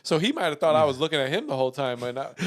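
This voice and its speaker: Animated, profane man telling a story. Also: fairly high pitch, fast talker, no room sound, studio quality. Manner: profane, animated, swings between loud outbursts and muttering. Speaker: podcast co-host. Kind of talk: casual storytelling.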